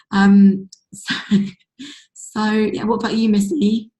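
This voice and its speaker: Hosting a group video call, a team leader gives a gushing, rambling motivational pep talk packed with "likes" and "ums." Her voice is mid-range and strained yet warm, slow, with little pitch movement. The call has a roomy echo.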